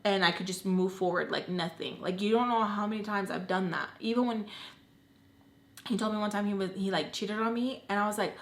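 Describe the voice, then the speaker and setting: A woman's voice: mid-range voice, brisk. Young woman telling a story to her cam, lots of likes, kinda echoey room. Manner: chatty, animated, lots of "like" fillers. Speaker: storytime vlogger. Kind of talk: casual storytelling. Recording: roomy echo.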